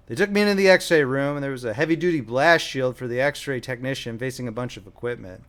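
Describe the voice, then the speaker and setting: A man's voice: medium pitch, a bit bright. Young man narrating his own audiobook wryly. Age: young adult. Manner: wry, self-deprecating. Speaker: author and narrator.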